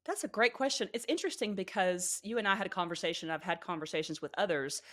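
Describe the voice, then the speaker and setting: A middle-aged woman from Georgia, a podcast co-host telling stories in casual chat, lively and laughing often. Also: on the low side, quick pace. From Georgia, USA.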